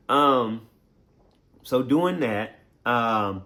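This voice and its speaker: Playful chatty man, bright voice. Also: medium pitch, normal speed. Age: adult. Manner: playful and chatty, laughs often, acts out quoted voices. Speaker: game streamer. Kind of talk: casual recap talk to viewers.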